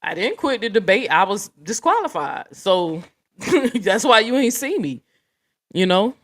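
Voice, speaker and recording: A woman's voice: mid-range voice, sing-song, unhurried. A woman in the middle of her vocal range hosts a casual livestream, addressing her chat directly. She talks bluntly and swears freely, with an outspoken, unfiltered delivery. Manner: blunt, profane, talks straight to viewers. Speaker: livestream host.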